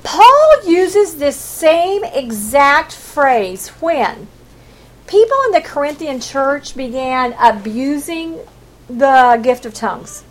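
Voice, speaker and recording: A woman preaching a sermon in a high voice. She leaps up and down in pitch and hammers her points home. She acts out the quoted voices with big swings. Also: very animated, takes it slowly, poor audio.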